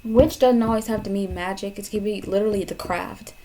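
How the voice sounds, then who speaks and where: Woman doing a tarot reading, swears a lot, repeats herself, goes from loud to near whisper, middle-pitched voice. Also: fairly even intonation, fairly quick, loud music behind the voice. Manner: blunt and profane, repeating phrases for emphasis; swings between loud emphasis and hushed, near-whispered asides. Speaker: tarot reader. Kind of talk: pick-a-card tarot reading to camera.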